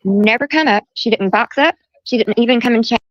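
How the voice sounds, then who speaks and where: This livestream host, a middle-aged woman, has a slightly high voice and a brisk delivery on a dry recording. She tells the story of a quarrel heatedly and casually, quoting lines and repeating herself, with dull lo-fi stream audio.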